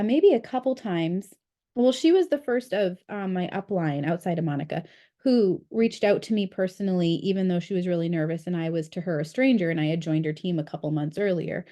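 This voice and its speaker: Mellow-voiced woman leading a book study. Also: medium pitch. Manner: chatty and candid, with frequent fillers. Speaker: book study group leader. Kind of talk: casual group discussion.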